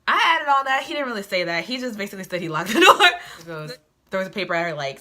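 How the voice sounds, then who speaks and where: Sassy, bright-voiced woman book reviewer. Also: lowish voice, fast talker. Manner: sassy, chatty, animated asides. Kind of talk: casual book review vlog.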